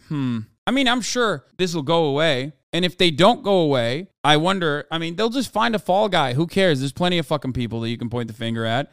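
A man hosting a live stream, reading news articles quickly and reacting with sarcastic, profane, heated commentary. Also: fairly high pitch, expressive, fairly bright tone, clear, resonant tone, no echo, clean studio sound. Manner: reads chat comments aloud; fast when reading articles. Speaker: political streamer.

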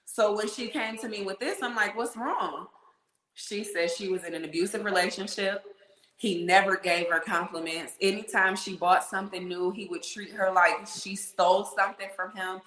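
Animated woman storyteller in an echoey room. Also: medium pitch, normal speed. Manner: animated, acts out quoted voices, swears. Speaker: podcast guest. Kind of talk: casual storytelling chat. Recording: roomy echo.

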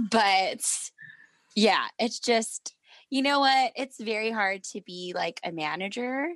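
Chatty woman telling a lively story. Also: medium pitch, slow, no echo. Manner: animated storyteller acting out quotes with laughs. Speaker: manager and parent. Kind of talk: casual chat.

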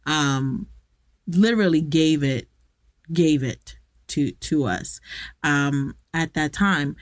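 A woman's voice: sits low, slow pace, no room sound, studio quality. A young adult woman hosting a podcast, talking candidly and directly to her listeners in a reflective personal monologue, recorded in a walk-in closet at home. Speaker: podcast host.

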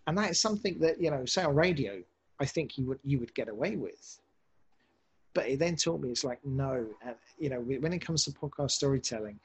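Man, podcast director, husky voice, lively and rambling in interview chat. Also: medium pitch, poor audio. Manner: animated, rambling with many restarts. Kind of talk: casual interview talk.

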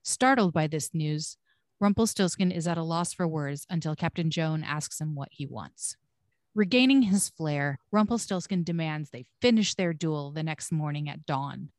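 A woman's voice: low voice, moderate pace, darkish tone, dry recording, clean studio sound. A woman co-hosting a podcast, reading scripted episode recaps with blunt, swearing asides.

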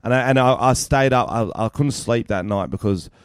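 A man's voice: medium pitch, brisk, smooth, no echo. A young Australian man, a stand-up comedian, telling a story in casual podcast chat, swearing a lot and acting out both sides of the exchange.

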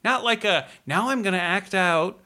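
Bright-voiced chatty man. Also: sits high, moderate pace. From Chicago. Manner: agreeable, laughing, riffing along. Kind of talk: casual comedic chat.

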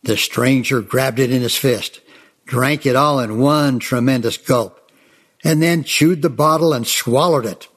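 A man's voice: medium pitch, a little slow, a bit bright, husky. A man telling Old West tales in a chatty, folksy way, often calling his listeners folks. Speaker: storyteller.

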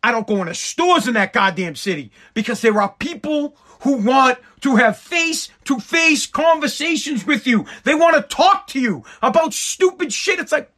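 High-voiced ranting man. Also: lively intonation, normal speed, hardly any pauses, bright, forceful tone. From Woburn, Massachusetts, USA. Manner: swearing, exasperated, emphatic. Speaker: podcast host. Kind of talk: comedic profane rant.

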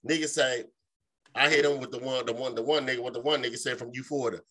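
A man co-hosting a podcast, telling a long, profane story in a loose, animated way, full of filler phrases. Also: medium pitch, fast talker. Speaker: podcast co-host. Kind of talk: casual storytelling.

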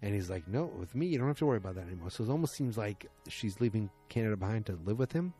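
A man with a low, mellow voice rambles through a recap of a TV episode from his home. He slips into the characters' lines, pushing his voice higher for each one. Faint music sits softly behind him. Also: animated, rapid-fire, husky. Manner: rambling, acts out characters' lines with raised pitch. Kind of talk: casual recap vlog.

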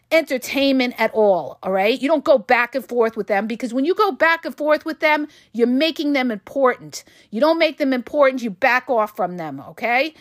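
A woman with a high, fairly bright voice hosts an advice podcast, recorded clean in the studio with no echo. She talks bluntly and emphatically, swears casually, and keeps checking in with "okay?" and "all right?".

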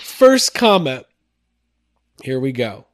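A man's voice: medium pitch, sing-song, slow pace, dry recording. A man co-hosting a podcast in casual chat, reading comments aloud mockingly and laughing. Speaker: podcast co-host.

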